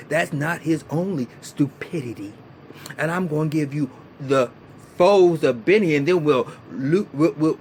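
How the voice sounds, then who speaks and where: A man with a fairly high voice rants through a TV episode review, swearing freely and sounding exasperated. His pitch swings widely as he gets worked up. A faint hiss of noise sits under the recording. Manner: animated, profane, exasperated ranting. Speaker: TV show reviewer. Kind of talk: casual vlog review.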